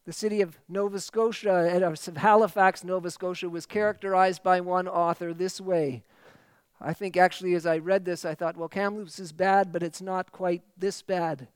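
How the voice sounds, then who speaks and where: A man delivers a sermon with emphatic, repeated phrases. His voice sits high and rings smooth and resonant. The sound is dry and close, with almost no room echo. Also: fairly even intonation, normal speed. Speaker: pastor.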